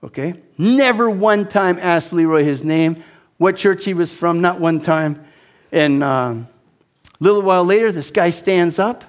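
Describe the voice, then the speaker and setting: A man in his sixties telling a personal testimony as an animated, self-deprecating storyteller with frequent restarts. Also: high voice, a little slow. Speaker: speaker giving a testimony.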